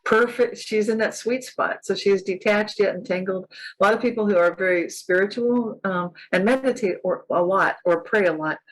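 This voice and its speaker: A woman's voice: medium pitch, normal speed, low-quality recording. A woman author from California chatting as an interview guest, enthusiastic and spiritual, often laughing. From California, USA. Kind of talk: casual interview chat.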